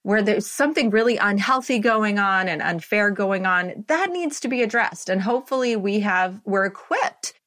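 Brief: woman in her fifties, coaching guest, lively and chatty, tags lines with "right?". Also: medium pitch, normal speed, hardly any pauses. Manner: animated, laughs often, says "right?" a lot. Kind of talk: conversational interview.

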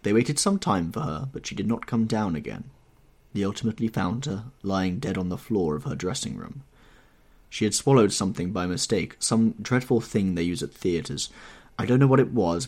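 A man's voice: lowish voice, a little mellow, husky. A man doing a cynical, urbane aristocrat. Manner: urbane, drawling and offhand. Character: worldly, cynical aristocratic English gentleman. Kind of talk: audiobook character reading.

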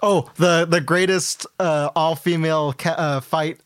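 A man co-hosting a podcast, chatting casually about a film, excitable, laughing, and trailing off mid-sentence. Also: on the high side, measured pace, smooth, no room sound, studio quality. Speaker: podcast co-host. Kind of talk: casual movie chat.

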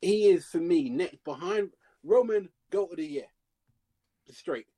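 A man co-hosting a casual podcast chat, giving emphatic, animated opinions. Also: high-pitched, measured pace. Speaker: podcast co-host.

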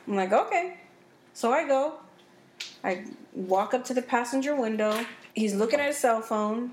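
A woman hosting a podcast in casual chat, telling stories in an animated, profane way. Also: fairly high pitch, normal speed. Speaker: podcast host. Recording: echoey room with faint noise.

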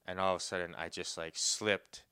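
A young man, a podcast co-host and comedian, telling a story in casual chat, rambling with many fillers and breaking into loud laughter. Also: low-pitched, flat delivery, a little fast, clear, resonant tone.

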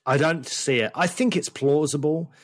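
A man's voice: on the high side, moderate pace, no echo, clean studio sound. A man co-hosting a casual podcast chat, chatty and calling his co-host "mate". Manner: chatty, says "mate" often.

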